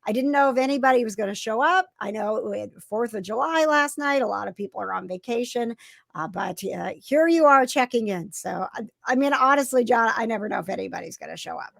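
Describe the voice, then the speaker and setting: A woman's voice: on the high side, expressive, brisk, vocal fry, fairly bright tone, no echo, studio quality. A woman hosting a casual live show, upbeat and rambling, with many fillers. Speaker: host.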